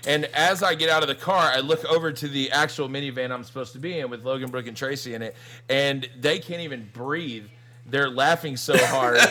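Bright-voiced rambling man. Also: medium pitch. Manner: rambling, profane, laughing often. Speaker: podcast co-host. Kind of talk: casual storytelling chat.

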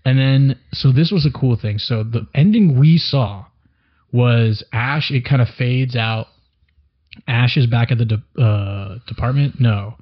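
A young man chats in a loose, rambling way, dropping casual swears, his voice at a middling pitch. The recording sounds dull and a bit lo-fi, like an amateur podcast. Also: unhurried. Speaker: podcast co-host. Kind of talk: casual chat.

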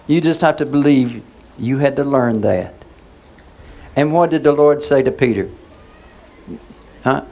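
A male pastor with a fairly high, darkish voice delivers a sermon conversationally. He poses questions to the congregation and waits for their answers.

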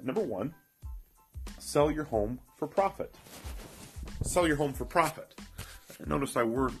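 A man's voice: on the low side, gravelly, a bit bright. A man giving an emphatic finance talk, speaking straight to the listener and repeating his key points. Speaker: financial educator. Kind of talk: motivational finance talk to viewers.

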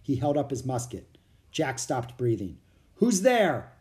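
Storybook narrator, lively pitch, mellow warm tone. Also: normal speed. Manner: expressive, animated reading. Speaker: audiobook reader.

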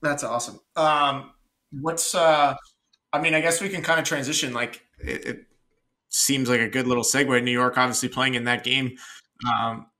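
In a casual podcast conversation, a male co-host thinks out loud and frequently starts his sentences over. His mid-range voice has fairly even intonation and a bright, forceful tone at a moderate pace.

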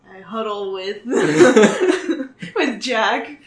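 A woman's voice: medium pitch, expressive, very slow. A woman playing a tabletop role-playing game, giggly and playful, recorded with a roomy echo. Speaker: player.

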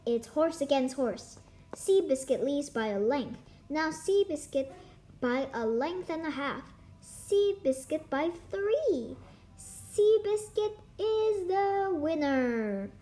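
A woman reading a story aloud, voicing an excitable old-fashioned male racetrack announcer who calls the race breathlessly. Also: sits high, echoey room. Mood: excited. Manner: breathless rapid race calling.

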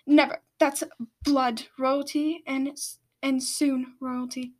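A stern female dragon queen who gives orders and snarls, as a woman voices her. The voice is high-pitched. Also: flat delivery, slow pace. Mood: commanding. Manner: commanding, snarls.

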